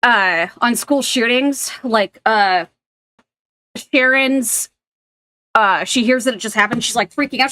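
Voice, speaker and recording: A woman's voice: on the high side, measured pace, pushed and bright, no room sound. Woman streamer, casual reaction commentary, blunt delivery with frequent swearing, rambling asides.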